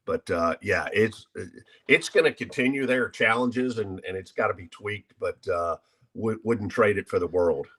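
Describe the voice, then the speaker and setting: A man on a sports panel talks in a deep, low voice. He speaks in a measured way, leaning on fillers as he thinks. His outlook stays upbeat throughout. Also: fairly bright tone, slightly rough. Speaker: college sports consultant. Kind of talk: casual panel discussion.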